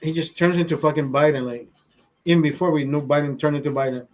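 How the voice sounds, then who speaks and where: A man tells a story in a casual, profane way, his voice sitting a bit higher than most men's. He jumps into the voices of the people he quotes as he goes. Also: fast, rough recording. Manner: profane, animated, acts out quotes. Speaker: host.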